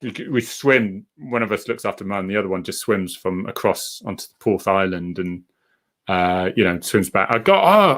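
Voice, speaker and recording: A middle-aged man, hosting a casual live chat, rambling and reading out viewer comments and acting out what people said. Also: fairly bright tone. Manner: acts out quoted people with jumps in pitch.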